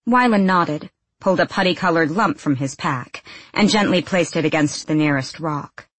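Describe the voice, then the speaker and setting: A woman narrating an audiobook in a steady, measured storytelling voice. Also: low-pitched, breathy edge, no room sound. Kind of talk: scripted narration.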